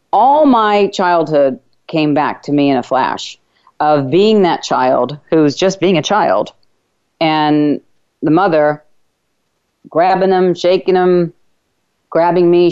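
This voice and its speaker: Female talk radio host: deep, smooth voice, earnest and reflective storytelling, slightly muffled recording. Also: darkish tone. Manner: earnest, reflective, with halting restarts. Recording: slightly dull lo-fi radio audio.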